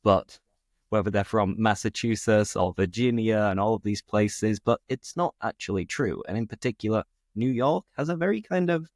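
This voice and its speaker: A man's voice: fairly low pitch, moderate pace, a little mellow, no echo, clean studio sound. A British man hosting a casual chat, upbeat and talkative, explaining expressions as he goes. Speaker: host.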